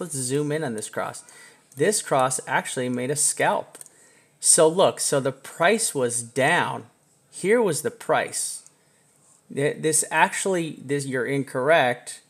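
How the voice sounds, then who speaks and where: Chatty man streaming chart commentary. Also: medium pitch. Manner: chatty, self-mocking, jumps between teasing and bursts of excitement. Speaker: trading live streamer.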